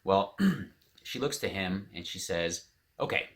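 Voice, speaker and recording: A man's voice: low-pitched, slow pace. A man casually telling a story straight to camera, quoting the people involved without changing his own voice. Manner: animated, quotes others in his own voice. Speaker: vlogger. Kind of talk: storytelling vlog.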